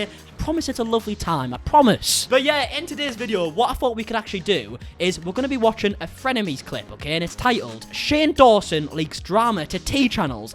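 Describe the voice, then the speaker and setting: A young man with a British accent talks fast and high through casual reaction commentary, his voice bouncing all over. He is chatty and animated and keeps tagging his lines with "okay?" and "eh?". Faint music plays behind him. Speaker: commentary YouTuber. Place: small flat.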